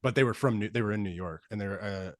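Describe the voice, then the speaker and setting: A man's voice: fairly low pitch, fast, no echo, studio quality. A man hosting a casual podcast chat, telling loose, profane stories with laughs. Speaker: podcast host.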